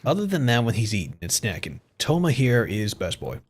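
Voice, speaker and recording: A man giving casual live-stream commentary as streamer, excitable, swearing freely and chuckling often. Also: medium pitch, a little fast, breathy edge.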